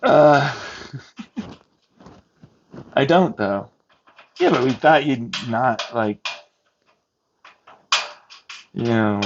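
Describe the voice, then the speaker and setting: A young man venting in a rambling personal vlog, agitated and swearing as he acts out arguments. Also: mid-range voice. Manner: agitated, swearing, mimics others in heated back-and-forth. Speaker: vlogger. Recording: dull lo-fi audio with clear background noise.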